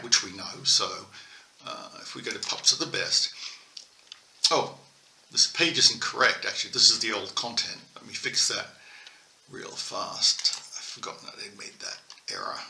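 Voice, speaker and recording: An older man talks through a coding tutorial at a slow, deliberate pace, thinking aloud and catching his own slips. His voice is strikingly bright and sits in an echoey room, with faint keyboard clicking behind him. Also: on the low side, very animated, creaky. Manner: thinking aloud while typing, self-correcting. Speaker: instructor. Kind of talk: screen-recorded coding tutorial.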